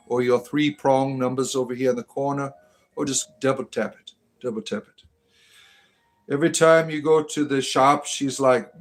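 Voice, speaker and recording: A man hosting a casual livestream as a satirical spiritual entertainer, reading chat comments aloud with joking asides and filler ums. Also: medium pitch. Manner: rambling, joking, reads viewer names aloud with filler ums.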